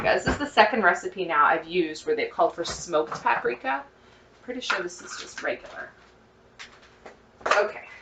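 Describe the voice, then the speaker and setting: A woman chatting excitedly to her viewers as she cooks, thinking out loud in a casual vlog. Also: fairly high pitch, roomy sound, distant mic, background noise. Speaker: cooking vlogger. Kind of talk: casual cooking vlog, talking to camera. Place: home kitchen.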